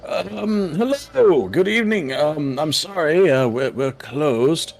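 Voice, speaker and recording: A man's voice: on the high side, expressive, slow, creaky, darkish tone, slight background noise, voice pushed up, heavily acted. A man voicing a nervous, flustered old male shopkeeper who stammers and stays overly polite in a tabletop game.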